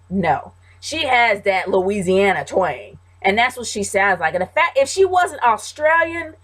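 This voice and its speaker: Woman, casual vlog host, blunt and emphatic opinions. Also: mid-range voice.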